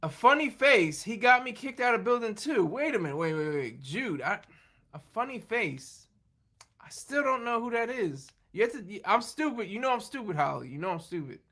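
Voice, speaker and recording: A high, sing-song male voice with a sharp edge, at normal speed, belongs to a livestream host. He chats casually and rambles while responding to viewers, often laughing and running himself down in jest.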